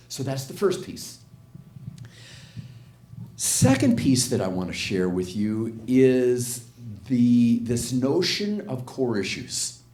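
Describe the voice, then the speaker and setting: A man's voice: mid-range voice, a little mellow. An older man giving an inspirational talk to a spiritual community, telling a story, acting out the quotes and asking the audience questions. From United States. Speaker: guest speaker at a spiritual community. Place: church hall with audience. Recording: echoey hall.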